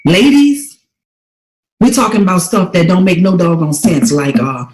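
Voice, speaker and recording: A woman, telling a personal testimony in an emphatic, preacher-like way that swings from hushed to loud. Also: on the low side, sing-song, moderate pace, roomy sound, low-quality recording. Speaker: motivational speaker. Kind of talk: testimony-style motivational talk.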